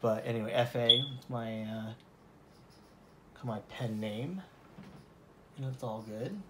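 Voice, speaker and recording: A man's voice: mid-range voice, slow, roomy sound, heavy background noise. A man from Colorado giving a casual oil painting lesson, rambling and self-deprecating, with many fillers. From Colorado, USA.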